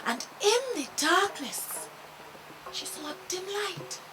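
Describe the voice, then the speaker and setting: A woman telling a children's bedtime story in a gentle, expressive way. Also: very high voice, takes it slowly, background noise.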